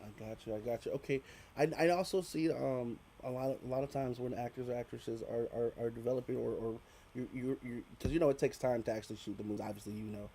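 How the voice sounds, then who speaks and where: A man hosting a podcast, asking an actress questions in a halting way, often repeating words as he builds up the question. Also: mid-range voice, steady tone, vocal fry, warm tone, a little hiss or hum. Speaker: podcast host. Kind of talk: casual interview questions.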